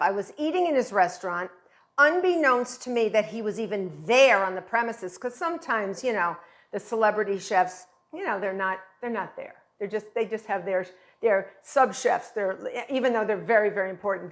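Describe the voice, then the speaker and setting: A chatty, enthusiastic woman in middle age walks viewers through a cake recipe in her kitchen. She talks in an easy, gushing way, with a voice of ordinary pitch for a woman. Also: fairly bright tone. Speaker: baking instructor. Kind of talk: home baking tutorial.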